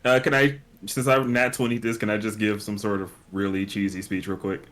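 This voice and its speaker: Laid-back bright-voiced player. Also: male voice, lowish voice, level tone, a little fast. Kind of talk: casual play with an in-character speech.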